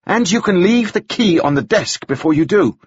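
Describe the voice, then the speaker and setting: A man's voice: high voice, animated, moderate pace, slightly rough, no echo, dull audio, pitched above the performer's own voice. A man reading an audiobook, voicing an anxious, irritable employer in a raised, clipped voice. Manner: tense and clipped. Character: anxious, irritable male employer, sharp-tongued.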